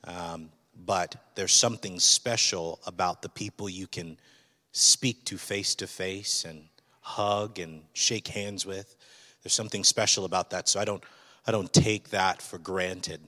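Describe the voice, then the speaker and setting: Guy preaching, lowish voice, open and chatty, big echoey hall. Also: steady tone, measured pace, sharp tone. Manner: candid, conversational, personal. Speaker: pastor. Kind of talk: sermon.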